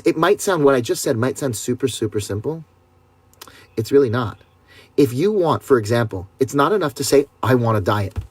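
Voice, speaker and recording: Husky-voiced rabbi teaching over video call. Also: male voice, mid-range voice, dry recording. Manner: talks straight to listeners, with rhetorical questions and many "right?". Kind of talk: conversational teaching.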